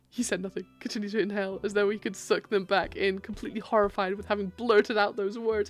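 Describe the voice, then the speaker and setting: A woman streamer reading a dating game aloud and reacting, excitable, squealing and laughing often. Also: fairly high pitch, quick pace, few pauses, faint music behind. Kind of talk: live game read-along and commentary.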